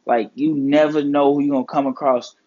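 A man's voice: a little high, little pitch movement, fairly quick. Man giving earnest motivational talk, lo-fi. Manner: earnest, preachy, heavy swearing and slang. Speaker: podcast host.

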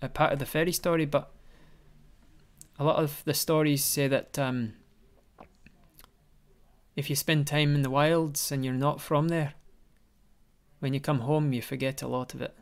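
A man's voice: fairly high pitch, fairly even intonation, unhurried, long pauses, clean tone, pitched above the performer's own voice. A man voicing an earnest, bookish village woman who rambles as she explains.

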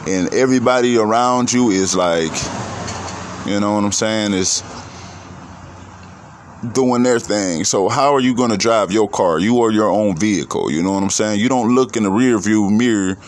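Man, low-pitched, profane, preachy, rambling, faint traffic noise outside. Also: moderate pace. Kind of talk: casual monologue.

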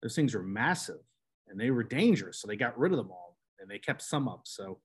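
A middle-aged man with a New Jersey accent, hosting a podcast in casual, animated chat with quick restarts. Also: lowish voice. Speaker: podcast host.

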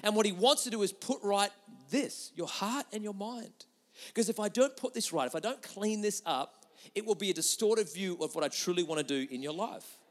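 A man preaching a sermon with lots of energy, moving between loud emphatic lines and quiet, intimate asides. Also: high-pitched, animated, moderate pace. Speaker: pastor. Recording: long hall reverb.

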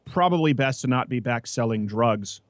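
A man hosting a casual political talk show, brash and mocking, talking fast. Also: mid-range voice, animated, dry recording, studio quality. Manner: brash, quick, mocking, with put-on voices. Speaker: podcast host.

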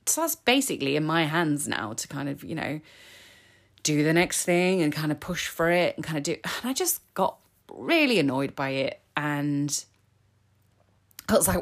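Chatty woman, lowish voice. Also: animated, moderate pace. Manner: chatty, candid, openly emotional. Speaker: podcast host. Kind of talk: casual solo podcast talk.

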